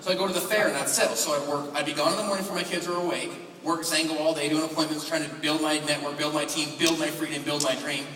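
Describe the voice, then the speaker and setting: A man's voice: a little high, steady tone, fast, hardly any pauses, bright, forceful tone. A man in his twenties giving a motivational talk at a convention, telling stories animatedly and acting out phone calls. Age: 20s. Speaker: convention speaker. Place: large convention hall. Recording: echoey hall recording from far off.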